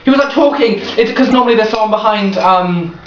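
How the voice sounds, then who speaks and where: A young man from England telling work stories in casual chat, teasing and animated, laughing often. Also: sits high, brisk. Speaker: vlogger. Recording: echoey room, dull lo-fi sound, faint hiss.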